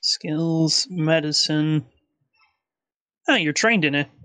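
A man narrates a tabletop session as game master, rambling along with plenty of fillers. His voice sits a bit high, and it comes through dry and close, with no room sound. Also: takes it slowly, pushed and bright, dry recording.

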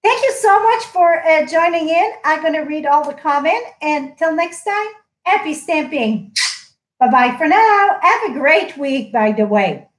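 A woman's voice: sits high, expressive, unhurried. A woman hosting a live-streamed stamping craft chat. She talks in a gushing, chatty way with loose phrasing. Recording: echoey room.

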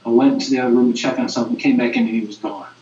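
A man's voice: mid-range voice, steady tone, a little mellow. Earnest man, distant in a roomy space. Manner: earnest, halting with frequent restarts. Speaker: webinar moderator and youth minister. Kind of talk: conversational storytelling. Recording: distant, roomy, dull lo-fi webinar audio.

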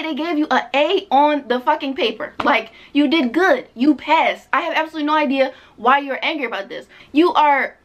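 A woman's voice: high voice, moderate pace, hardly any pauses. A young woman ranting on her book vlog, sarcastic and exasperated, swearing freely as she picks apart the story. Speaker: book vlogger.

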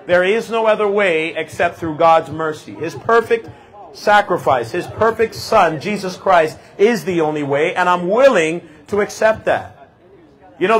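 High-voiced man preaching in the street. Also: rough recording. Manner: impassioned, repetitive, rhythmic emphasis. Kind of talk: open-air street preaching. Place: outdoors on a city street. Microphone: handheld microphone.

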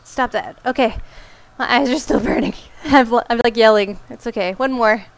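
A woman's voice: fairly high pitch, moderate pace, gravelly. A woman giving let's play commentary as she plays, reacting aloud, exclaiming and muttering to herself. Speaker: gamer.

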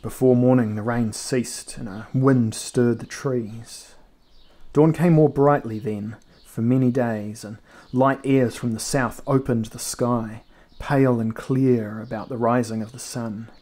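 A man with a medium-pitched voice narrates an audiobook of a fantasy novel. His reading is measured and even.

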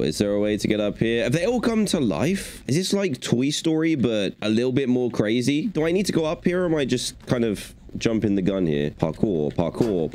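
A young man, a gaming YouTuber with a mellow, medium-pitched voice, offers chatty, playful commentary while playing a video game.

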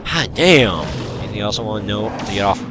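A man's voice: fairly low pitch, animated, fairly quick, background noise. A man giving uncut gameplay commentary, ranting and grumbling at the game he is playing. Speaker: gaming channel host.

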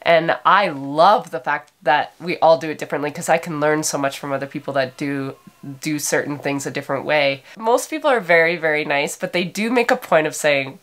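A woman's voice: low-pitched, lively intonation, normal speed. A tired woman, a sheep farmer, chatting emotionally in a casual vlog as she reads out viewer comments. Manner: emotional, warm and chatty with frequent laughs.

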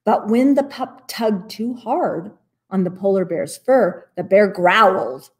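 A woman librarian reading a children's picture book aloud at story time, in an expressive read-aloud manner. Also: medium pitch, slow.

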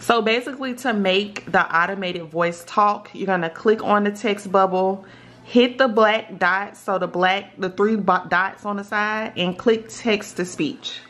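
A tutorial vlogger with a mid-range, slightly bright voice talks a little slowly as she casually walks viewers through steps in an app. She's chatty and keeps checking in with them by asking "okay?".

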